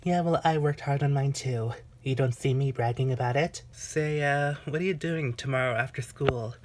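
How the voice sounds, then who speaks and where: A woman's voice: a bass voice, normal speed, a little mellow. A woman voicing an eager, awkward teenage boy in an amateur voice drama.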